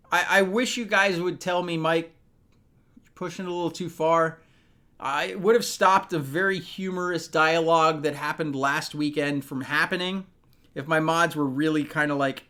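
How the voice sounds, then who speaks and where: A man's voice: on the high side, sharp tone. Rambling male streamer chatting to viewers. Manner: rambling, talks to chat by name, tipsy from bourbon. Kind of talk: casual live-stream chat.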